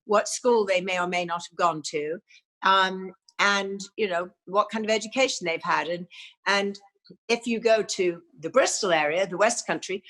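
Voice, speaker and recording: A woman's voice: mid-range voice, moderate pace, fairly bright tone. An older woman with an English accent, a guest actress telling stories in an interview, with many "you know"s and small restarts. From England. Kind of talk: reflective interview talk.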